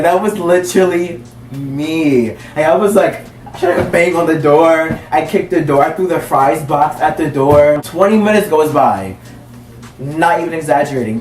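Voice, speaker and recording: A man's voice: fairly high pitch, a little mellow, distant mic. A young man telling a casual story, rambling and leaning on "like" as he goes. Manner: rambling, heavy use of "like". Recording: roomy, off-mic with faint music.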